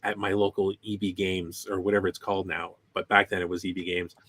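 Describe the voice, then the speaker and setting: A man with a fairly low voice co-hosting a fan podcast. He chats casually and slips into storytelling, laughing between remarks. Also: level tone, brisk, a bit bright, husky, no echo. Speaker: podcast co-host.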